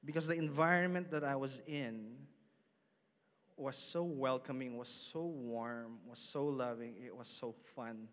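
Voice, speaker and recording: A man's voice: medium pitch, unhurried, a bit bright. A man in his thirties preaching a casual storytelling sermon in a church hall, chatty and full of asides to the congregation. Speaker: pastor.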